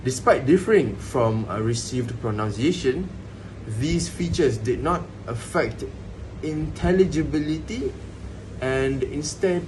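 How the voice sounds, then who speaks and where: A man's voice: medium pitch, animated, a little slow. A young man with a mid-range voice reads a prepared summary for a class presentation. He goes through the technical terms carefully, one by one. A faint background hum sits behind him. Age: young adult. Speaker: student presenter. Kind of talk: reading a scripted presentation conclusion.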